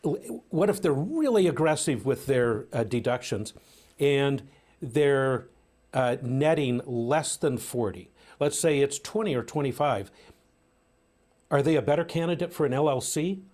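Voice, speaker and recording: A man co-hosting a podcast, asking questions in relaxed, hesitant casual chat. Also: medium pitch, unhurried. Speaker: podcast co-host.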